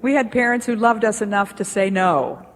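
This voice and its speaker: A woman giving a devotional talk in a measured, deliberate way, recorded in a lecture hall in the 1980s. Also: medium pitch. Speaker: speaker at a Bible institute. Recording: echoey hall with faint hiss, 1980s.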